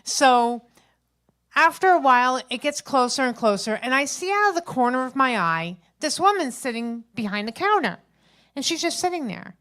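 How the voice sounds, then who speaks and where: Open-mic comic, grandmother around fifty, slightly high voice, chatty storyteller who acts out every line of dialogue. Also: normal speed. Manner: chatty, animated retelling with acted-out quotes. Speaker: stand-up comedian. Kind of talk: storytelling stand-up set. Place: open mic stage at a local venue.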